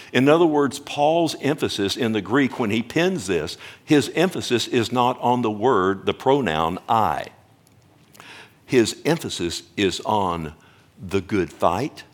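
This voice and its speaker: A male pastor preaches a sermon with an earnest, animated delivery in a lowish voice. He often restarts his phrases and puts questions to the congregation.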